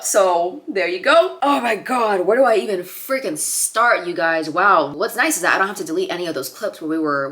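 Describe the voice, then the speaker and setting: A woman in her twenties chatting excitedly to camera in a casual vlog, slipping into whispers and giggles. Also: on the low side. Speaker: vlogger.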